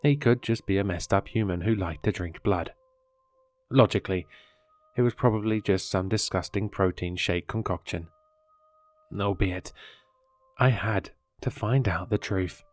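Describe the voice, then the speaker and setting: A man narrating a horror story in a measured, dramatic way. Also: low-pitched, darkish tone, no echo. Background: faint music.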